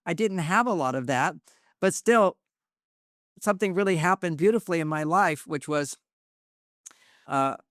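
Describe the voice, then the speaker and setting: A man's voice: fairly high pitch, no echo, clean studio sound. An older man, a guest relationship expert, telling personal stories in an earnest, confiding way that circles back and restarts. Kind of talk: reflective personal storytelling.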